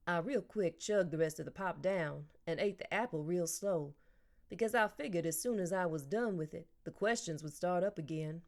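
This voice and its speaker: A woman narrating a children's novel in an even, clear storytelling voice. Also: lowish voice, moderate pace. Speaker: audiobook narrator. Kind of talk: audiobook reading.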